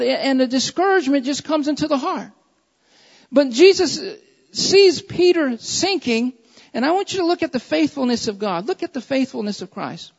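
Woman preacher, high voice, fervent and repetitive, dull recording from a church hall. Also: animated, normal speed. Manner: impassioned, repeats lines for emphasis. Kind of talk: sermon.

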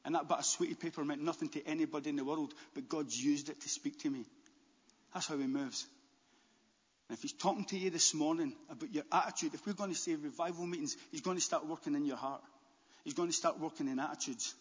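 A man preaching a sermon as pastor, animated, with stammered restarts and bursts near a shout. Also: on the high side, fast talker, slightly rough. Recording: dull, long-echo church hall.

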